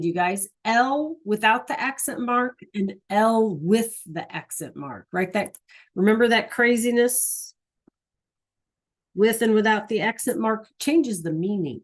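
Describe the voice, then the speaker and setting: A woman's voice: medium pitch, slow. Friendly middle-aged teacher, woman, online class, keeps checking in with students. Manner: chatty, encouraging, frequent "right?" checks. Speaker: Spanish teacher. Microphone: video call.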